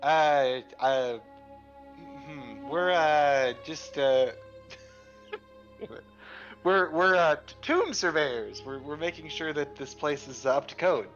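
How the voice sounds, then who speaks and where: A man's voice: on the high side, slow pace, a bit bright, dull audio, faint music behind. A young man playing a tabletop game, giggly and stammering. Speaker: player. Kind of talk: casual tabletop play.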